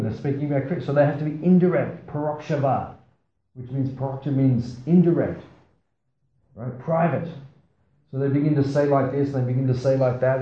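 A man's voice: mid-range voice, warm tone. A man giving a scripture class to a small audience. He tells stories, asks the audience questions, and makes playful asides. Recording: roomy, slightly dull sound.

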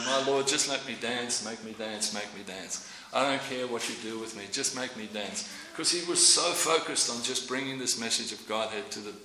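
A man's voice: mid-range voice, sharp tone, echoey room, slight background noise, poor audio. A man giving a devotional talk, rambling and anecdotal, often repeating his words. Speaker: devotional speaker.

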